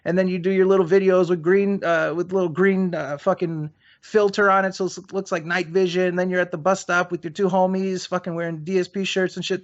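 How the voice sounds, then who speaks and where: A man's voice: sits high, steady tone, a little fast, hardly any pauses. A man hosting a podcast, needling and mocking his guest in a heated debate, often restarting his sentences. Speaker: podcast host. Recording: dull lo-fi podcast audio.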